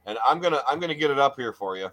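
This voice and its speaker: A man's voice: mid-range voice, animated, racing, a bit bright, rough recording. A man hosting a casual talk show, hamming up grand introductions and repeating his words. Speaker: podcast host. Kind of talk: casual chat.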